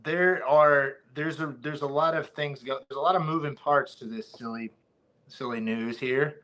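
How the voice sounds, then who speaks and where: A man's voice: on the high side, steady tone, moderate pace, a bit bright. A man, a former fighter, talking casually as a podcast guest, rambling with many restarts.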